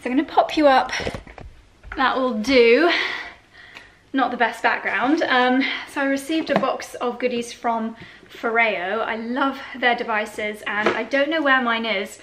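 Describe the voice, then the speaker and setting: A woman's voice: fairly high pitch, measured pace, a bit bright. Chatty, breathless woman vlogging. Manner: chatty, enthusiastic, lots of exclamations. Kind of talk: casual vlog chat. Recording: faint background noise.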